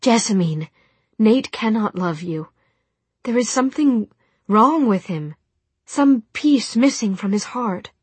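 A woman reading an audiobook, voicing an earnest, gentle young woman with a breathy voice. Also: fairly high pitch, expressive, slow pace, no room sound, pitched above the performer's own voice, exaggerated voice. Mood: earnest firm. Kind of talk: audiobook character voice.

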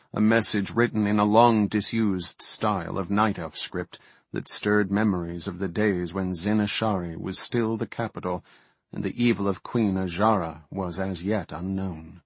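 A man narrating an audiobook in an even, measured storytelling manner. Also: on the low side, breathy edge, dry recording.

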